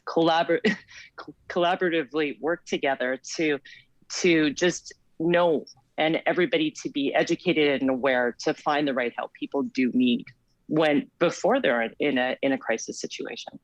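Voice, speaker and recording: A woman's voice: low-pitched, normal speed, no echo, muffled recording. A woman guest on a video call, talking about community support and often stopping to restart her phrases. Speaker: author and community plan co-chair, guest. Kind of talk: remote interview over video call.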